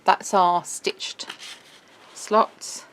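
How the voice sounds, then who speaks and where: A woman's voice: medium pitch, flat delivery, fairly bright tone, a little hiss or hum. A middle-aged woman, presenting a craft album in a casual, bubbly walkthrough. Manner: chatty, bubbly, quick laughs.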